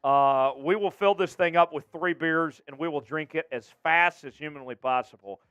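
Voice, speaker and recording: A man whose smooth voice is on the high side speaks at normal speed while hosting a casual sports livestream. His upbeat show mixes chatting with a co-host, reading viewer messages aloud, and shouting chants.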